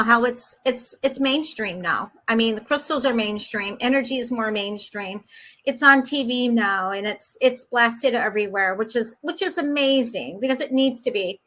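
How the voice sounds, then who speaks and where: A woman host with a higher, bright, forward voice. She rambles warmly through her points, filling them with "you know" and quick agreeing "yep"s. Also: low-quality recording. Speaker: talk show host. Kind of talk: casual interview talk.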